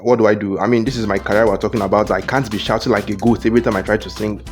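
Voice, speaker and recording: A man's voice: on the low side, fairly even intonation, very fast, soft background music. A man with a Nigerian accent telling a comic story, playful and dramatic. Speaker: comedic storyteller. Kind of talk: comedy skit narration.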